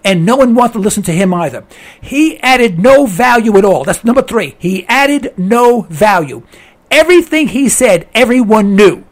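Hoarse, high-voiced radio talk host. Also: male voice, animated, moderate pace. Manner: ranting, exasperated, repeats words. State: hoarse with laryngitis.

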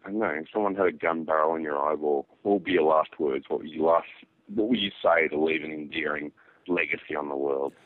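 A man's voice: rumbling low, quick pace, no room sound. An Australian man calling into a radio show, teasing the host in a laid-back way. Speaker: caller. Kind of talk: call-in radio talk. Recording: dry, tinny phone line.

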